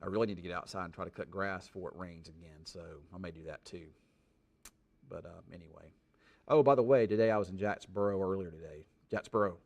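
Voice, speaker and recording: A man's voice: sits low, quick pace, vocal fry, a little mellow. A middle-aged man chatting casually on a live stream in a rambling, folksy way, full of fillers. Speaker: weather streamer.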